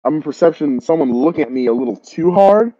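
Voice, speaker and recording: A man's voice: a little high, lively intonation, mellow, no room sound, highs cut off. A man playing a tabletop game, explaining his plans eagerly and interrupting himself. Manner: eager, fast, self-interrupting. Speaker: player.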